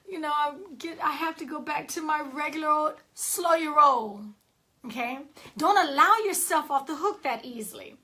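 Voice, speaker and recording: On a live stream, a high-voiced female coach gives an energetic, forceful pep talk and calls out viewers by name as she goes.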